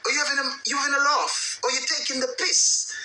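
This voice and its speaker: A man's voice: extremely high pitch, steady tone, quick pace, sharp tone, reverberant, pitched above the performer's own voice, exaggerated voice, low-quality recording. A man voicing an indignant woman scolding her boyfriend, in a mocking, put-on British accent. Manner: mocking, sing-song and scolding.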